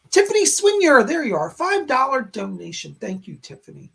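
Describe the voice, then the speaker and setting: Psychic guy on a live stream, voice all raspy and worn, husky and crackly, talks in little halting bits. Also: very high voice, wildly swooping pitch, fairly bright tone. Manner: short halting phrases, relaying spirit messages. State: strained, hoarse voice. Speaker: psychic medium host. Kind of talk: live-stream chat and readings. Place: home in a rural area.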